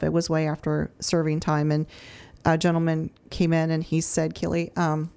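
An earnest woman tells a story in a loose, conversational way, often starting her sentences over. Her voice sits a little low for a woman. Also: a little mellow, clean tone. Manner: earnest storyteller, many restarts. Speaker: food charity director. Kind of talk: casual testimony.

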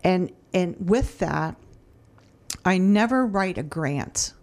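A woman's voice: lowish voice, animated, takes it slowly, darkish tone. Earnest woman telling a story. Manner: earnest storyteller, many restarts. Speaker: food charity director. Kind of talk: casual testimony.

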